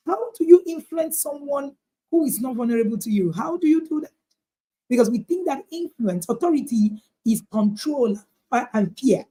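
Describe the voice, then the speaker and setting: A woman's voice: high-pitched, animated, normal speed, mellow. A woman parenting coach giving a motivational talk to parents, emphatic, repeating her points and asking rhetorical questions.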